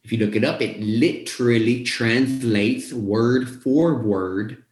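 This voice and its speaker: Young male motivational coach, casual storyteller who acts out his own past lines, mid-pitched, recorded in a roomy space. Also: very animated, slow, hardly any pauses, a little mellow. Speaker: weight-loss coach. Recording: roomy echo.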